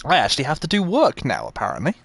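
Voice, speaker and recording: This fairly high male voice is creaky and a bit bright, with huge pitch swings and a quick pace. Live-streaming his gameplay, he chats freely and answers the viewers whose messages he reads aloud.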